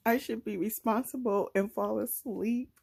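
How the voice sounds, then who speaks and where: A young woman vlogging, chatting excitedly and emotionally about a book she just read, talking straight to her viewers. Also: fairly high pitch, moderate pace, gravelly, husky, low-quality recording. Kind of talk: casual chat.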